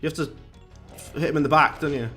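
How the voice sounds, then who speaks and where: A man's voice: a little high, steady tone, fast talker, bright, forceful tone. A man giving casual, rambling commentary on a live game stream, chatting with viewers and reading out their messages. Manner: chatty, rambling, reads chat aloud, British slang. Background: game music.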